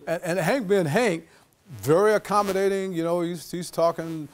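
A man giving a lecture as an animated storyteller, acting out the voices of the people in his anecdote. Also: high voice, normal speed. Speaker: guest lecturer.

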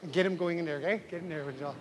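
A man's voice: fairly high pitch, very fast. Chuckling man teaching in a reverberant hall. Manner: encouraging, chuckling, calls for more volume. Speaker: language teacher. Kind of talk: leading a group drill of a greeting.

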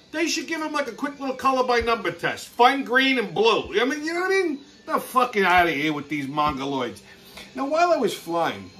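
A man's voice: high-pitched, pushed and bright. A man hosting his own show, ranting crudely and swearing nonstop in an exasperated comedic way. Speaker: podcast host. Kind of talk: profane comedic rant.

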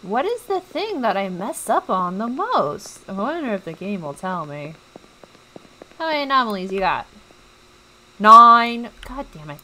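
A woman's voice: medium pitch, very animated, normal speed, a bit bright, a little hiss or hum, low-quality recording. A young woman streaming a game, chatting to her viewers and reacting jumpily as she plays. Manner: chatty, jumpy, talks to viewers while playing. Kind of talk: let's play commentary.

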